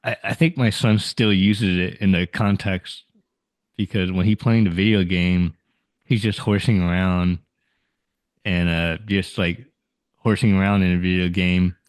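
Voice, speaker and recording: A man's voice: sits low, fairly even intonation, a little slow. A man in his forties, co-hosting a podcast, chatting casually and playfully acting out silly scenes. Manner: playful, acts out silly scenarios with laughter. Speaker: podcast co-host. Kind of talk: casual chat.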